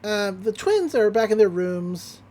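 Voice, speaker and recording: A woman hosting a podcast, casually recapping a cartoon episode with quick bits of character voices. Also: medium pitch. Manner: animated retelling with quick character voices and laughs. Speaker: podcast host.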